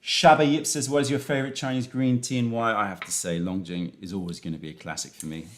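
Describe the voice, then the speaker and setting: A man's voice: fairly low pitch, fairly even intonation, quick pace. Man, stream host, playful and jokey, reads chat aloud, casual. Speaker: tea shop live stream host.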